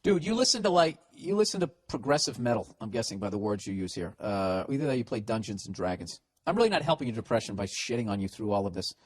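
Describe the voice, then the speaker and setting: A man's voice: lowish voice, sing-song, quick pace, hardly any pauses. A middle-aged man with a Boston accent, hosting a comedy podcast and giving sarcastic, profane, rambling advice full of restarts.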